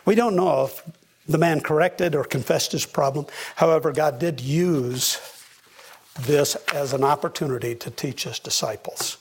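A man's voice: on the high side, moderate pace, husky. A man preaching a sermon as a pastor, earnest, his voice rising for emphasis.

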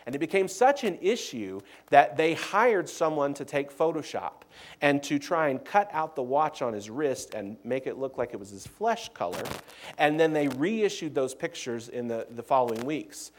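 A young man with a cold preaching a sermon, reading verses aloud with force and then talking quietly and personally. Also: on the high side, lively intonation, moderate pace. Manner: reads scripture aloud with rising intensity, then talks quietly and personally. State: has a cold.

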